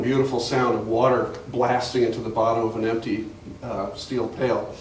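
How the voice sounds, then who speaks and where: Speaking at a normal speed with hardly any pauses, this older man has a mid-range, level voice. He's a museum guest speaker telling rambling family stories, full of fillers and restarted sentences. A far-off camera mic in the audience picks up the gallery's echo and a faint hiss.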